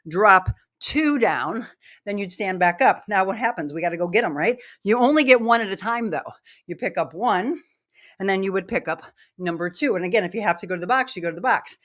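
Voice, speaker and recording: A woman's voice: mid-range voice, lively intonation, fast talker. Middle-aged female fitness instructor, winded while demoing exercises, upbeat coaching delivery. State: out of breath. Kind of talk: live workout demonstration.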